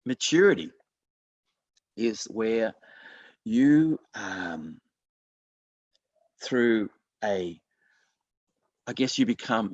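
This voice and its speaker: In a dry recording with the highs cut off, a man with a mid-range voice delivers a sermon as a pastor. He speaks earnestly and conversationally, often starting his sentences over.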